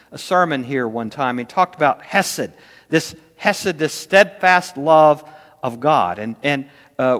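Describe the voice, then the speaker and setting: Male pastor, slightly high voice, earnest sermon delivery, long church-hall reverb. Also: fairly bright tone. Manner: earnest, slows down to stress key words.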